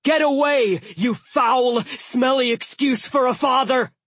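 A man voicing a loud, fierce male dwarf with a Boston accent, shouting at the top of his lungs. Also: extremely high pitch, fairly even intonation, slow, no room sound, pitched above the performer's own voice, exaggerated voice. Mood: bellowing. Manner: bellowing, shouting.

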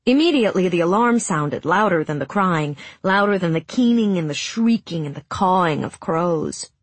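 Breathy woman reading a story. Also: fairly low pitch, animated, normal speed, dry recording. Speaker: audiobook narrator. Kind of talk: scripted narration.

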